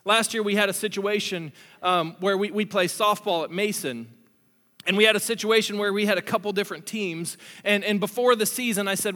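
A man preaching a sermon in a conversational, storytelling way, with animated asides to the congregation. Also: high voice, moderate pace. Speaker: pastor. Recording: long hall reverb.

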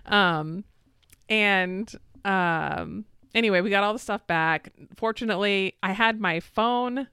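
A woman's voice: slow, smooth, dry recording, studio quality. A woman co-hosting a podcast, telling a story casually with laughs and acted-out quotes. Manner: animated, laughing, acts out quotes in a high voice. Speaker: podcast co-host.

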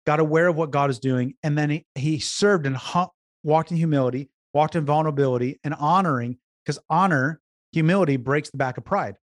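A man's voice: on the high side, brisk, dry recording. A man who is a business consultant, a guest on an interview podcast, telling stories earnestly, repeating words and restarting as he goes. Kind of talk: conversational storytelling interview.

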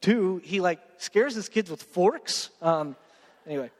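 In a large church sanctuary, a young Texan man preaches a sermon in a casual, joking way, speaking directly to his congregation. His voice is high-pitched and animated, his pace a little slow.

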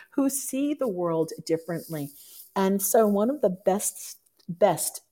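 Low-voiced woman life coach. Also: darkish tone. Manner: earnest, explanatory, self-correcting. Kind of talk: motivational talk.

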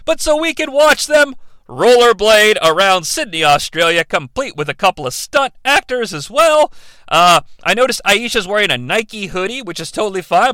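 A man's voice: high-pitched, sharp tone, clean tone, dry recording. A man hosting a comedic movie review, sarcastic, profane and mocking. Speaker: host.

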